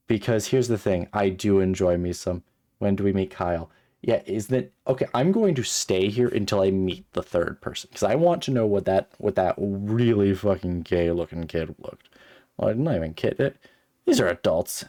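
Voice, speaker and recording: Low-voiced rambling male streamer. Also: expressive, normal speed, dark tone, no echo, studio quality. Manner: rambling, self-deprecating, exasperated outbursts. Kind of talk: casual game-stream commentary and reading aloud.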